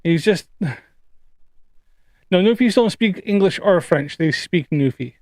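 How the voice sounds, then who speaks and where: A fairly high-pitched man from the Canadian prairies rants on his debunking livestream, swearing and rambling with exasperation. His voice is close and dry, with no room sound. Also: lively intonation, takes it slowly, a little mellow, no echo. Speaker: streamer debunking flat earth claims. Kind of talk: casual livestream rant and chat.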